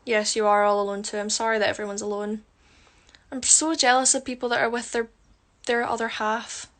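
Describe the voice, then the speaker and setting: Chatty high-voiced woman on a phone livestream. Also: little pitch movement, brisk, a bit bright. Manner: chatty, teasing, jokes with viewers while doing her makeup. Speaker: livestream host answering viewer comments. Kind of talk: casual chat.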